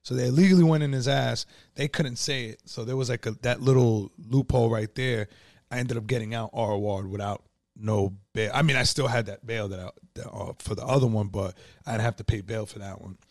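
A man's voice: medium pitch, brisk, gravelly, darkish tone, no echo, studio quality. A man telling his own story in a casual, profane, streetwise way, full of "like" and "you know".

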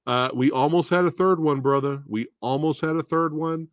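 A man hosting a casual movie review show, talking in an animated, profane and repetitive way and laughing often. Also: a little high, moderate pace, no room sound.

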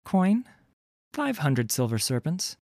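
A man's voice: fairly high pitch, sing-song, slow, darkish tone, no echo, voice pushed up, heavily acted. Man doing a female pirate bounty hunter, teasing, cool, dry close sound. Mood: cold. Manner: teasing, wry.

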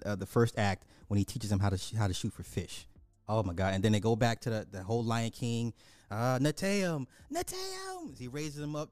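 A man giving an animated, emphatic casual recap of a movie, repeating himself for effect. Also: mid-range voice, clear, resonant tone, no echo. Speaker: movie reviewer.

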